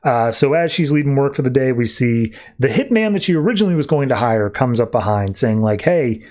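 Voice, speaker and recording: A man's voice: mid-range voice, big pitch swings, brisk, a little mellow. A man hosting a podcast, recapping a comic issue in a loose, conversational way with frequent fillers. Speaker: podcast host. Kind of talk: casual comic book recap.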